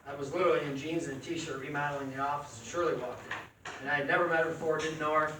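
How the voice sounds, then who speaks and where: A middle-aged man telling an animated, folksy story at a club meeting. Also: on the high side, quick pace. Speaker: club member. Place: meeting room. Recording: echoey room from far off, faint noise.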